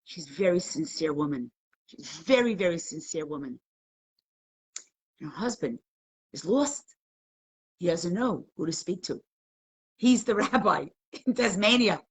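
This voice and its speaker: A woman teaching a live class, telling a story in an animated, conversational way and acting out the quotes. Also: lowish voice, a little slow, pauses often, breathy edge.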